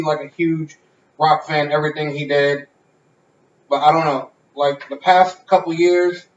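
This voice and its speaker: A man hosting a casual podcast from a garage, talking in a loose, rambling way with plenty of swearing. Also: fairly high pitch. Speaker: podcast host. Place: home garage. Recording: roomy, distant, dull garage sound.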